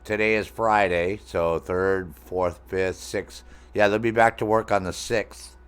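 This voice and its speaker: Deep-voiced middle-aged guy streaming a game, rambling to chat, swears a lot, jokes around. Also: steady tone, unhurried, a bit bright, smooth. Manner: rambling, profane, jokey, talks to chat. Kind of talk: casual gaming stream chat.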